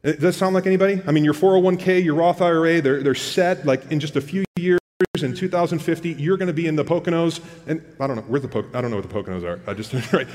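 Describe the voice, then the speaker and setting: A man's voice: fairly high pitch, fast talker, hardly any pauses, darkish tone, in a large hall. A man preaching a sermon in a casual, conversational way, often repeating words and asking the congregation questions. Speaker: pastor.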